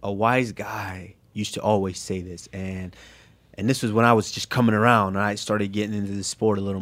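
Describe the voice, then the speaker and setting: A man with a low voice talking about fighting in relaxed podcast chat. He stumbles and repeats words as he thinks. His voice often sinks to a soft, near-whispered level. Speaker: fighter guest.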